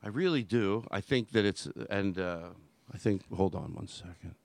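A man's voice: lowish voice, normal speed, creaky, very noisy. A man hosting a podcast in casual chat, talking in a rambling, self-interrupting way. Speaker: podcast host. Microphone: headphones and studio mic.

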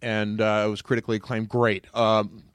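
A man guesting on a podcast, telling animated stories in casual chat and jumping into loud put-on voices. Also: fairly low pitch, a little fast, clear, resonant tone, no room sound, studio quality.

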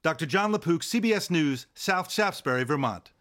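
A man reporting as a medical correspondent, calm and explanatory. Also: on the high side, fairly quick. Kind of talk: news report narration.

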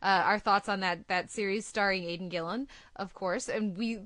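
A woman hosting a casual TV discussion, quick and talkative. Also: medium pitch, steady tone, fairly bright tone, no room sound. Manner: quick, laughs easily, talkative. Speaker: podcast host.

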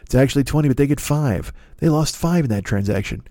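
A middle-aged man hosting a podcast, ranting comedically in a profane, excitable way that swings between loud and quiet. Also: medium pitch, fast talker, no room sound, clean studio sound. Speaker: podcast host. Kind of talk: comedic rant.

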